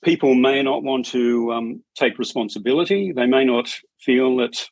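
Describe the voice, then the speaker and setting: Husky man telling anecdotes. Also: medium pitch, dry recording, low-quality recording. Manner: measured, anecdotal, dry humour. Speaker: strata committee chair, podcast guest. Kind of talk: conversational interview storytelling.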